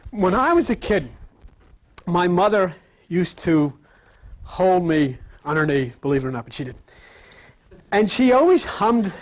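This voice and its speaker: A man delivers an informal sermon to a room of listeners, his pitch swinging widely as he talks. He chats with the crowd and slips in quick acted-out voices of the people he quotes. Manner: lively, conversational, acts out quoted voices. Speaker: spiritual teacher. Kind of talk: informal sermon to a live audience. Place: room with live audience.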